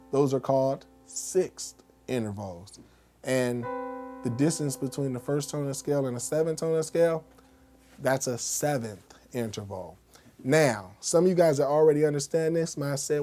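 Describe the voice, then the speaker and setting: This mellow, mid-range male voice belongs to a teacher running an informal music lesson. He chats as he demonstrates on the keyboard and regularly checks in with listeners using "right?" and "okay?".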